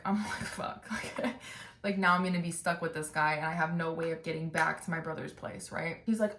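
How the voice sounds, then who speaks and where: A young woman in her twenties telling a long personal story in a casual podcast chat, swearing freely, filling her talk with "like" and mimicking the people she talks about. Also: fairly low pitch. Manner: chatty, swears freely, full of "like", mimics others with animated bursts. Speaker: podcast host. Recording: roomy echo.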